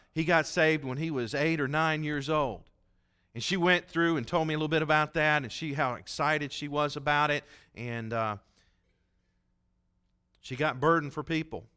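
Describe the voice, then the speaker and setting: A man's voice: fairly high pitch, normal speed, bright, forceful tone, smooth. A man preaching as a pastor, telling a story in a folksy, conversational way and acting out the voices he quotes. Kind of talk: sermon storytelling.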